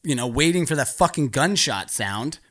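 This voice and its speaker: A man's voice: medium pitch, lively intonation, normal speed, a bit bright. A man telling a stand-up comedy story, rambling and profane, often laughing through his lines.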